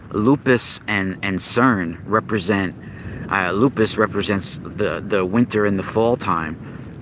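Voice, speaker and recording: A very deep-voiced man talks slowly through old legends, circling back and restarting as he hunts for the right word. A faint hiss of background noise sits under his voice. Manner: rambling, with frequent restarts and searching for words. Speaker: podcast host. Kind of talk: casual monologue on myth and occult lore.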